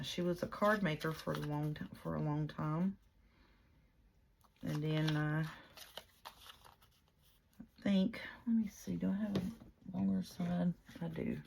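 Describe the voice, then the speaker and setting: A woman's voice: low-pitched, creaky, slight background noise. A woman chatting casually while she works on a junk journal, rambling with many fillers and restarts. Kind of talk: casual chat while crafting.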